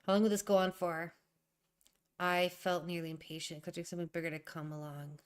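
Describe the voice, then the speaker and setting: A woman's voice: fairly low pitch, flat delivery, a little fast, clear, resonant tone. A young woman thinking aloud while she edits a draft, rereading her sentences and ranting in asides. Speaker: writer streaming a writing session.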